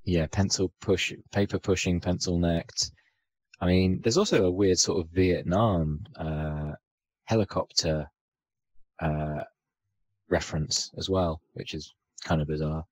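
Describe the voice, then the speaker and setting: A man with a deep, low voice talks about movies in a loose, rambling podcast chat. He thinks out loud, trailing off and restarting with plenty of ums and "sort of". The sound is close and dry, with no room echo. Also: steady tone, unhurried. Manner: rambling, filler-heavy, thinks aloud. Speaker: podcast co-host. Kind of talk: casual film discussion.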